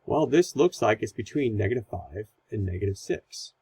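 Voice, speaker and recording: Gravelly-voiced man teaching a math lesson. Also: lowish voice, lively intonation, moderate pace, mellow, poor audio. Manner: casual, conversational explaining with fillers.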